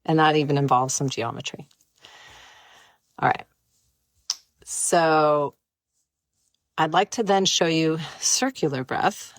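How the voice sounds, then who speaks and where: A low-voiced woman leads a breathwork session with gentle, playful, unhurried guidance. She's on a close mic during a live stream, with no echo.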